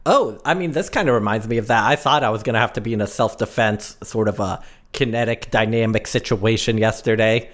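Wry man trading quick comebacks. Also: on the low side. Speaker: podcast co-host. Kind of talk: casual comedic chat.

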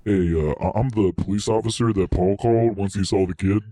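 A man playing a bumbling police officer in a deadpan, mock-official tone for a podcast bit. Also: fairly low pitch, fairly quick, no room sound, studio quality, voice pushed down, lightly acted.

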